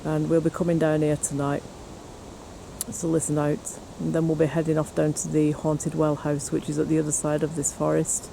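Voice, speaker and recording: A high-voiced man, a paranormal investigator, narrates his vlog outdoors on a windy hill and among trees. The voice is gravelly and warm, moderately paced, with a completely flat delivery, though his manner is chatty and teasing toward the camera. Light wind and outdoor noise sit in the background.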